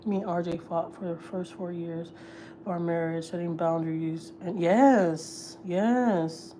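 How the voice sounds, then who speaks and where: A woman's voice: lowish voice, a little mellow, a little hiss or hum. A woman, chatting casually and swearing freely as host of a gossip livestream, often repeating herself. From Houston, Texas.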